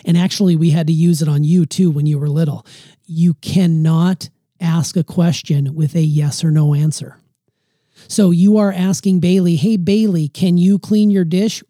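Middle-aged man, very dark tone, dry close sound, earnest and reflective parent. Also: fairly high pitch, steady tone, moderate pace, no echo. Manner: reflective, earnest, advice-giving. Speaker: parent giving advice. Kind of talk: casual family chat.

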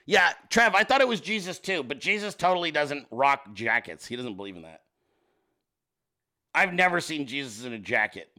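Sarcastic, lively-voiced man swearing freely. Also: on the high side, a little fast, hardly any pauses. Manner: profane, sarcastic, riffing at the audience. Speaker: livestream host. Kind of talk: casual livestream chat reacting to viewer pictures.

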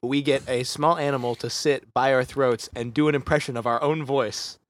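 A man's voice: medium pitch, steady tone, no room sound. A man with a mid-range voice chatting on a podcast, often breaking into laughter while poking holes in his friends' ideas. His talk is loose and playful. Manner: giggly, quick to laugh and question. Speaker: podcast co-host. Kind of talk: casual chat.

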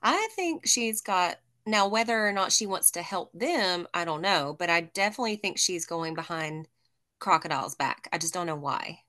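Woman, co-host, bright crisp voice, chatty, casual anime talk. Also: lowish voice, expressive, normal speed. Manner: chatty, theorizing, apologetic when interrupting. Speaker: podcast co-host.

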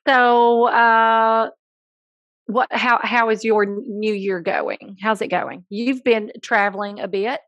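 A woman with a Southern US accent, a school counselor co-hosting a podcast, chatting playfully with jokes and quick asides. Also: a little high, fairly even intonation, a bit bright, dry recording, lo-fi sound. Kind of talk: casual chat.

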